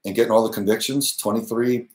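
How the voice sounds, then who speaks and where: A man's voice: lowish voice, fairly even intonation, quick pace, roomy sound, low-quality recording. A man hosting a live Q&A monologue, talking earnestly and emphatically, with short laughs and restarts. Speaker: channel host.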